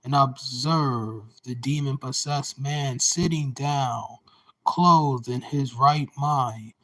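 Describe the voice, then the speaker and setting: A man's voice: mid-range voice, fairly bright tone, rough recording. A man reading scripture aloud, phrase by phrase, now and then correcting himself mid-word. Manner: deliberate phrase-by-phrase reading with occasional self-corrections. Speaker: scripture reader.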